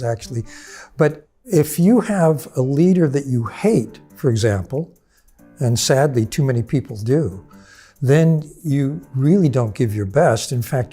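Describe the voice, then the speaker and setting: Calm, measured older man with a mellow voice. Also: medium pitch. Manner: calm, measured, explanatory, slowing for emphasis. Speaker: author and speaker on emotional intelligence. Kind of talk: reflective interview talk.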